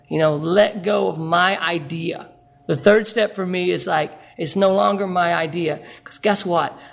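A man's voice: high voice, vocal fry, fairly bright tone. A man, from Arkansas, giving a rambling, self-mocking personal testimony at a recovery meeting and laughing often.

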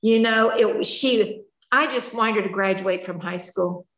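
A woman's voice: mid-range voice, a little slow, a bit bright, roomy sound, rough recording. An older woman telling her personal story at a recovery meeting, candid and emotional, in a chatty storytelling manner. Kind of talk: personal testimony.

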